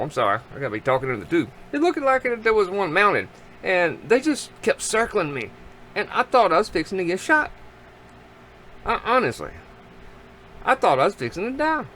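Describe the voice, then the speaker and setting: A middle-aged man with a drawl rambles through a story in a folksy way, his fairly high voice leaping up and down. He talks to the camera outdoors by his grill, with faint outdoor ambience behind him. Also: pushed and bright, slight background noise. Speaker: vlogger.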